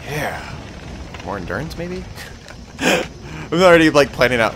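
A young man talks through his video game as he plays, excitable and swearing freely. His pitch swings widely as he mutters and cheers to himself. A faint background noise sits under the recording. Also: a little slow, long pauses. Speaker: gameplay commentator. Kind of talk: let's play commentary.

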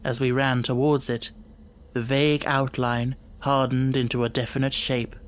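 A man narrating an audiobook in a steady, dramatic storytelling manner. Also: medium pitch, normal speed, a little hiss or hum.

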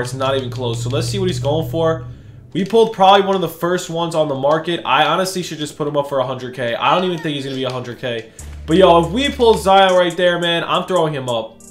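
A young man doing casual, excitable commentary for a gaming video, slangy and hyped, jumping between shouting and muttering. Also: on the high side, quick pace, roomy sound, faint music behind. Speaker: gaming YouTuber. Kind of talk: casual pack-opening commentary.

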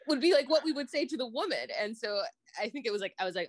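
A woman's voice: high voice, lively intonation, fast talker, no room sound. A young adult woman co-hosting a podcast, chatting playfully, laughing often and acting out quotes. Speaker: podcast co-host. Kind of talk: casual chat.

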